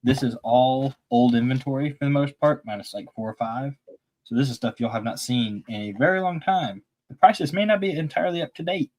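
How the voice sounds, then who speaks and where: A man, co-hosting a casual live-stream sale in a relaxed, joking way. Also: medium pitch, fairly quick. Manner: relaxed, laughs at own remarks. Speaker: co-host seller.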